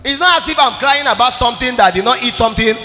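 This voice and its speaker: Male preacher, high bright voice, fervent sing-song delivery, reverberant hall. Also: fast talker. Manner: impassioned, swings between shouting and sing-song. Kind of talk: sermon. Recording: long hall reverb with faint music.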